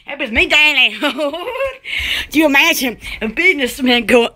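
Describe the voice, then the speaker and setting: Giggly high-voiced woman rambling. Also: very animated, a little slow, bright, forceful tone. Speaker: channel host. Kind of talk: giggly rambling livestream chat.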